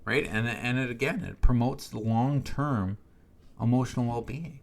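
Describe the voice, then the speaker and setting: A man's voice: medium pitch, fairly even intonation, unhurried. A man hosting a wellness podcast, conversational. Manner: conversational, often adds "right?" as a tag. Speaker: podcast host. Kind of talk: casual spoken coaching monologue.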